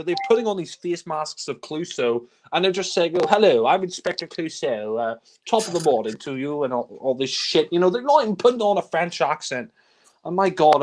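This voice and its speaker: A man with a somewhat high voice rants in a casual film chat. He sounds exasperated and swears constantly, piling on restarts and fillers as he complains about scenes. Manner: exasperated, swears a lot, mimics characters in high shouts. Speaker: film reviewer.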